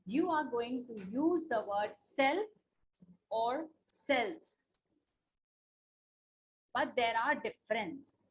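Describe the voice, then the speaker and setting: Slight background noise and poor audio surround this woman's fairly high voice. An Indian English speaker teaching online, she's patient, restates points, and checks in with "okay?" and "na?"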